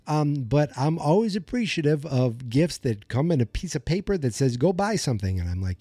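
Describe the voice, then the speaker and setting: Mellow, self-mocking podcast host man. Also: medium pitch, big pitch swings, moderate pace, husky, dry recording. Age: 40s. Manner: rambling, self-deprecating, mock-dramatic. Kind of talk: comedic solo podcast monologue.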